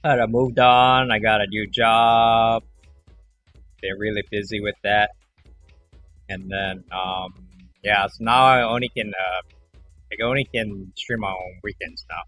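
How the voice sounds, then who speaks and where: A man's voice: lowish voice, steady tone, unhurried, pauses often, a bit bright, faint music behind. A young man hosting a livestream, chatting casually and rambling, now and then acting out callers. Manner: rambling, acts out callers in quoted voices. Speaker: livestream host. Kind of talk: casual chat to a stream audience.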